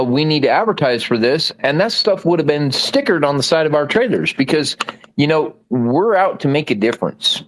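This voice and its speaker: A man's voice: mid-range voice, low-quality recording. A man speaking in a live talk room, rambling and laughing at himself. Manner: rambling, self-deprecating, laughing. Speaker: guest speaker. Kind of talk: casual chat.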